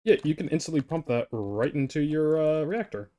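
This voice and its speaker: Livestreaming a game, a man chats casually with his viewers, rambling to the chat as he plays. His voice sits on the high side and sounds mellow and expressive, at a normal speed.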